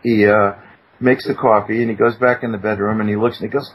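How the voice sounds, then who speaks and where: A man telling a story in casual talk, animated, breaking into high exclamations when he quotes someone. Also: fairly quick, slightly rough. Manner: animated, acts out quoted speech with sudden high-pitched exclamations. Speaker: guest, attorney. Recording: muffled lo-fi recording.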